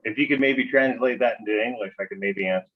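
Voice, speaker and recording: A man's voice: on the low side, fast. A man chatting as a guest on a video call, joking about not understanding his own tech gear. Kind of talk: casual chat. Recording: lo-fi dull sound.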